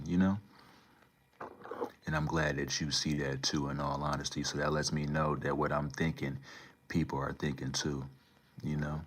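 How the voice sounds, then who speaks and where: Very deep-voiced man rambling to his chat. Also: fairly bright tone. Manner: rambling, slangy, talks back to chat. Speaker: livestream host. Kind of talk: casual livestream chat.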